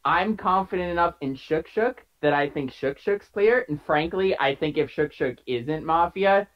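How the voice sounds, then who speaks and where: A man's voice: fairly high pitch, normal speed. A man playing a party game over a video call, earnestly laying out his reasoning in long run-on sentences. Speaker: player. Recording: dull lo-fi call audio.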